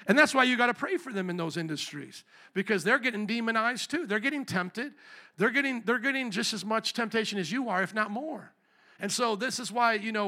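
A man preaching a sermon in a conversational style, swinging between quiet, frank talk and loud shouting. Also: high voice. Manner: self-deprecating asides and restarts. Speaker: pastor.

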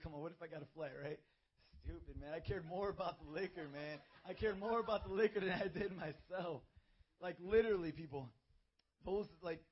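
A young man preaching a youth sermon into a handheld mic, emphatic and building to shouts. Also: a little high, breathy edge. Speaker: youth pastor. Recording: dull lo-fi recording.

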